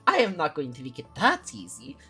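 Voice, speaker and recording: A woman's voice: lowish voice, huge pitch swings, a little fast, bright, forceful tone, soft background music, voice pushed down, exaggerated voice. Scheming fey trickster, played by a woman: smug, teasing, sweeping voice.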